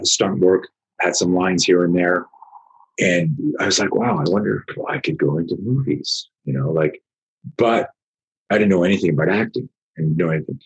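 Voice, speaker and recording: A man with a very low, husky voice tells a story in casual conversation, animated and profane. He acts out the lines of the people in it and swears freely. He sounds like an older martial arts teacher. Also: rough recording.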